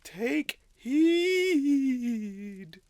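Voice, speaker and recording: Ghost: very high, airy and drawn out, gentle, otherworldly. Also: male voice, very animated, extremely slow, no echo, heavily acted. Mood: solemn. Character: ethereal genderless ghost of the past, slow and gentle.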